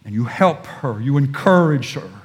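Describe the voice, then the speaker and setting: A man's voice: medium pitch, lively intonation, normal speed. A man preaching a sermon, dropping to near whispers and then rising to urgent, repeated emphasis. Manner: repeats and restarts phrases when pressing a point.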